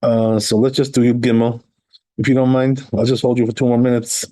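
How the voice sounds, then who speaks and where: A rabbi with a medium-pitched, mellow voice speaks a little fast in a flat delivery while leading a conversational class on a religious text. He reads Hebrew and Aramaic passages aloud, then translates and explains them step by step in plain English. He keeps checking in with his listeners, often asking "right?"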